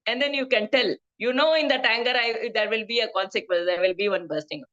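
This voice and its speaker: A woman's voice: on the high side, brisk, a bit bright. Woman teaching over a muffled call. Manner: explanatory, tags questions with "no?". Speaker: study group teacher. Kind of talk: scripture study class. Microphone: video call.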